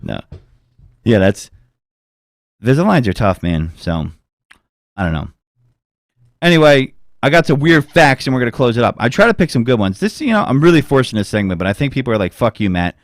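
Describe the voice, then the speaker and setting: A man's voice: mid-range voice, sing-song, brisk, dry recording, studio quality. A man hosting a casual podcast, rambling and cursing freely as he tells stories. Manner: rambling, swears freely, does mocking voices. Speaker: podcast host.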